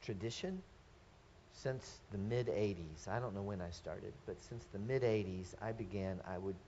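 A man's voice: lowish voice, normal speed, mellow, slight background noise. A middle-aged man preaching a sermon to his congregation. He speaks earnestly, often poses rhetorical questions and restarts his phrases. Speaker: pastor. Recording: dull lo-fi sermon recording.

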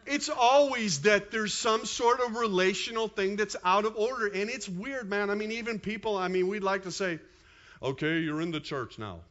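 Pastor, male, 50s, high voice, chatty sermon delivery, slightly dull recording. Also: moderate pace, hardly any pauses. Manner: animated, conversational preaching with asides.

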